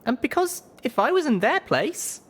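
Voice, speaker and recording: A man's voice: very high voice, sing-song, moderate pace, breathy edge, voice pushed up, full character voice. A man voicing an earnest young female unicorn pony in a storybook reading. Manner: earnest, pleading.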